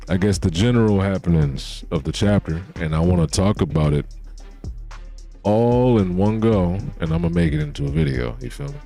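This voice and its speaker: A man with a fairly low voice talks through a manga chapter on a live stream. His delivery is slangy, loose and full of cussing, and it turns excitable as he reacts. He also acts out the characters' lines himself. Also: creaky. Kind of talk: casual live reaction commentary.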